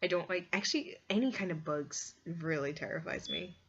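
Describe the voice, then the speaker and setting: A woman's voice: lowish voice, normal speed, a bit bright, husky, lo-fi sound. A woman vlogger chatting casually and rambling, with lots of fillers. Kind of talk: casual chat.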